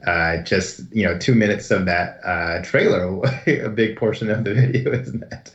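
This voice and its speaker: Deep-voiced man on a roomy podcast. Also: moderate pace. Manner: talks through points with fillers, easy laughs. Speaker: podcast co-host. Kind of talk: casual chat. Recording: roomy, dull lo-fi audio.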